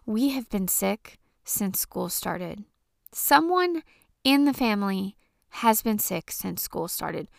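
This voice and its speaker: A woman's voice: mid-range voice, gravelly, fairly bright tone, clean tone, no room sound, studio quality. A woman in her thirties hosting a podcast, ranting casually and profanely with exasperation. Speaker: podcast host.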